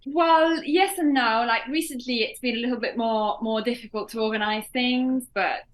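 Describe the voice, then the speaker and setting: A woman musician, a guest in an interview, speaking thoughtfully and haltingly. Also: a little high. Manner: hesitant, thoughtful, often restarts. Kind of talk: casual interview.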